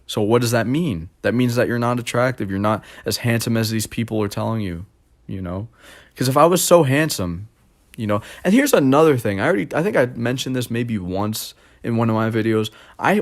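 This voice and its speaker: Young adult man, slightly low voice, rambling self-deprecating vlog monologue. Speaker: vlogger. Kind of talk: casual monologue.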